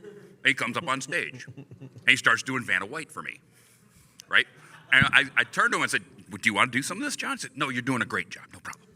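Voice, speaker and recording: A man tells a story on a convention panel with bouncing, lively pitch. He acts out the quotes and laughs along as he goes. His voice is very bright and rings through a large hall. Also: fairly quick, long pauses, husky. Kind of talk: animated storytelling. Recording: hall reverb.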